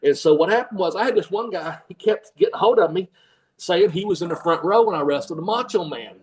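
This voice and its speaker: A man's voice: sits high, expressive, quick pace, far from the mic, poor audio. An older man, rambling through a story in a casual interview, laughing often and acting out the people he quotes. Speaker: guest, former pro wrestler and trainer.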